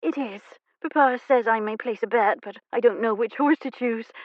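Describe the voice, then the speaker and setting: A woman's voice: fairly high pitch, normal speed, dry recording, muffled recording, voice pushed up, natural voice. A woman narrator voicing a young woman who plays a fragile, swooning debutante in a coy, dramatic manner.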